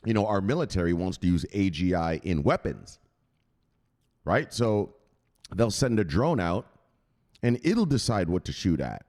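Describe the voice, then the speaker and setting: Reading a crypto news article aloud, this US presenter keeps wandering off into chatty, casual digressions and tells viewers to google things. He has a low, darkish voice that is very animated, and he speaks unhurriedly with long pauses.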